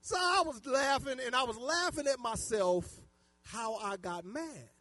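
A man preaching a sermon, telling stories animatedly and swinging from loud outbursts to hushed asides. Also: extremely high pitch, unhurried, no room sound. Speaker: pastor. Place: church.

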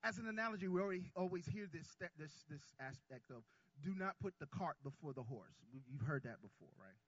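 A man preaching a sermon who calls on his congregation to answer back, drawing out key words and swinging between quiet asides and loud lines. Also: on the high side, lively intonation, fairly quick, no echo, highs cut off. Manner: call-and-response with the congregation.

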